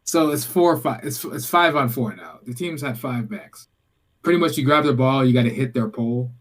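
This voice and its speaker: Male podcast co-host, casual crude storyteller, mid-pitched, recaps scenes in character voices. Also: normal speed. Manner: crude, rambling, acts out scenes in quoted voices. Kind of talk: casual movie review chat.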